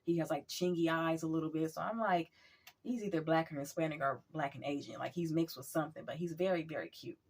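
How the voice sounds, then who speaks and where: Husky woman telling a story. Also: low voice, fast. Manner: chatty, animated retelling with acted quotes. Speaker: storytime vlogger. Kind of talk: casual storytelling.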